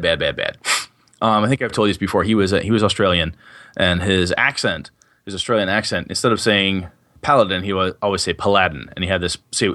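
A low-pitched man talks through a long story in a loose, rambling way and swears freely. His voice sits close and dry, with no room sound around it. He has the easy tone of a co-host on a casual tabletop gaming podcast. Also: a bit bright, no room sound. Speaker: podcast co-host, game master. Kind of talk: casual chat.

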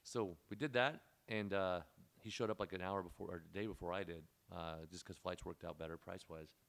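A man's voice: low voice, fairly even intonation, a little fast, vocal fry, a bit bright. A man hosting a podcast, telling a long story in a rambling, laid-back way with lots of fillers. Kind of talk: casual storytelling chat.

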